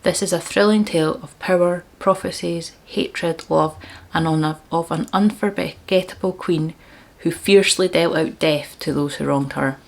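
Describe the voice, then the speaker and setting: A woman's voice: fairly low pitch, normal speed, gravelly, hardly any pauses. A woman vlogging about books, chatty and enthusiastic, with frequent laughs. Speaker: book vlogger. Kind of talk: casual book chat.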